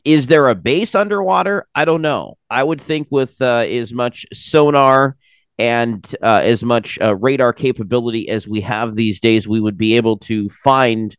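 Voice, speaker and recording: A man being interviewed, explaining at length in a measured way with frequent filler pauses and a dry sense of humor. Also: medium pitch, clean tone, no room sound. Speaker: interview guest, researcher of unexplained phenomena. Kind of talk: casual interview chat.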